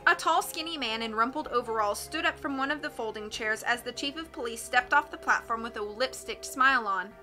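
Bright-voiced woman audiobook reader. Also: high-pitched. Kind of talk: audiobook narration.

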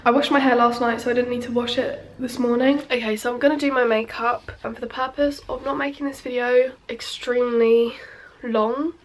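A woman's voice: fairly high pitch, fairly even intonation, fairly quick. An eighteen-year-old British woman chatting casually to a handheld camera in a vlog, rambling with lots of "like" and "so yeah". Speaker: student vlogger.

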